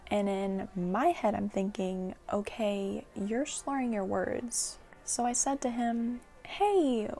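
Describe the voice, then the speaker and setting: A young woman in her twenties telling a casual storytime vlog, animated, with laughs and whispered asides. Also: mid-range voice, creaky. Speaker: storytime vlogger.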